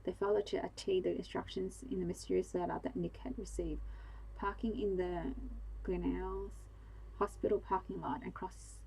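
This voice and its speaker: Reading a bedtime story as narrator, a woman keeps a calm, steady delivery in a low, dark, gravelly and husky voice whose melody stays flat and even. The audio quality is poor.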